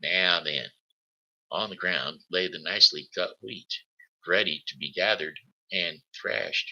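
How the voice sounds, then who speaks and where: Deep, slow, gravelly man reading a story. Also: sharp tone, lo-fi sound. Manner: halting, with slips and restarts. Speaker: host. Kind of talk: reading a children's story aloud.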